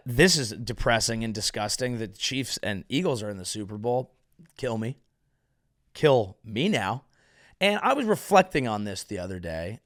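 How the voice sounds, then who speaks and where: A man from California delivering a rambling, sarcastic comedic monologue as host, veering from mumbled asides to loud outbursts. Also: lowish voice, no room sound, clean studio sound.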